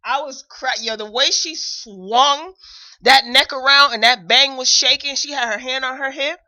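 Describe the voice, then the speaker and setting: A woman's voice: high voice, a little slow, sharp tone. A woman hosting a casual morning show, retelling reality TV scenes animatedly and laughing often. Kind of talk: casual chat.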